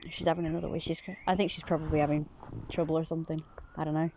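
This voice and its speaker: A woman's voice: little pitch movement, very fast, warm tone. British woman, casual vlog narration, outdoors, lo-fi phone mic with faint background noise. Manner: coos in a high sing-song voice to a cat. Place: outdoors on a scooter.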